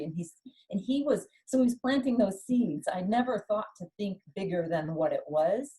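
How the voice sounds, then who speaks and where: Middle-aged woman with a mellow lower voice. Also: brisk, poor audio. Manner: lively storytelling, acts out quoted dialogue. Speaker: guest, former Olympic skier. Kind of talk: conversational interview.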